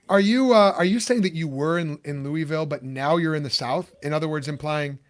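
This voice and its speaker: A man's voice: on the high side, a little fast. A man from Chicago hosting a podcast, chatty and rambling, with many fillers and restarts. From Chicago, USA. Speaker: podcast host. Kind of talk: casual podcast interview.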